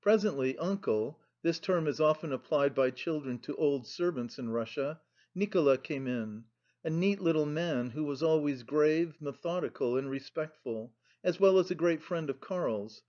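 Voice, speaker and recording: Man narrating an audiobook, slightly high. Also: moderate pace, darkish tone, highs cut off.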